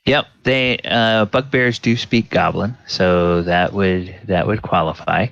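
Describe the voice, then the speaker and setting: A man narrating a tabletop game as dungeon master, halting and full of filler words. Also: sits low, gravelly, fairly bright tone. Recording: dull lo-fi sound.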